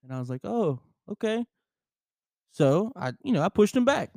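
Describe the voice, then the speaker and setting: A man's voice: sits high, very animated, fast, gravelly, darkish tone, no echo. A man co-hosting a casual podcast, telling a story with laughs and lots of swearing, on a close microphone. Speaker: podcast co-host. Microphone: close studio microphone.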